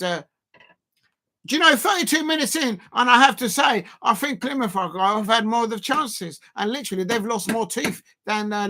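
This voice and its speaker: A man streaming a football watch-along, chatting casually and bursting into excited shouts at the match. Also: high-pitched. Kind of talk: casual live commentary.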